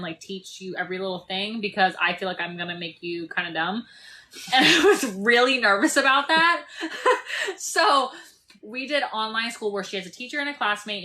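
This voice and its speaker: Chatty young woman, bright voice. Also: mid-range voice, low-quality recording. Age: 20s. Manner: chatty, reads out comments, laughs often. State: losing her voice. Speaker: TikTok live streamer and landlord. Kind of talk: casual live-stream chat. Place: parked RV at a state park.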